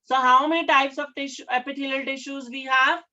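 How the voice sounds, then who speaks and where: A woman science teacher giving a classroom lecture, often pausing to check in with her students and repeating key terms. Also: high-pitched, steady tone, lo-fi sound, heavy background noise. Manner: keeps checking with questions, repeats key words.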